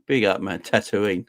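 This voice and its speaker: A man's voice: mid-range voice, no room sound, studio quality. Upbeat man hosting a live chat. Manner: upbeat, shouting out viewers by name. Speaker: host of a football fan livestream. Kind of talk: casual live-stream chat.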